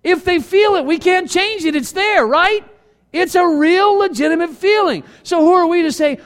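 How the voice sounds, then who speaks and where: A man preaching a sermon as pastor, lively and self-deprecating, acting out quoted arguments between spouses. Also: extremely high pitch, moderate pace, long reverb tail.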